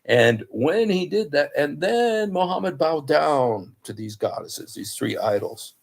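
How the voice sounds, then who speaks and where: A man's voice: on the high side, very animated, measured pace, gravelly. A man giving an informal talk on scripture, telling the story conversationally and acting out the quoted speech of the people in it. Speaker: Christian apologist speaker.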